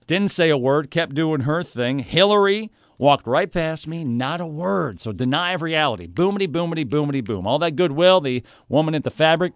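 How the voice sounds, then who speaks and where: A man casually telling a story about a shopping trip, in an animated, conversational way with playful asides. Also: a little high, no echo, studio quality.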